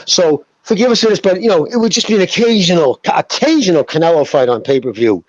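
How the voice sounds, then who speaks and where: A man's voice: high voice, lively intonation, fast talker, few pauses, a little mellow, no echo, muffled recording. A man co-hosting a podcast in casual chat, ranting heatedly with plenty of swearing. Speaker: podcast co-host.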